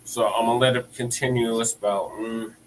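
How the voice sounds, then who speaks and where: Man, casual co-host, short agreeing replies, mid pitch. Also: steady tone, brisk, a little hiss or hum, poor audio. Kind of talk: casual political chat.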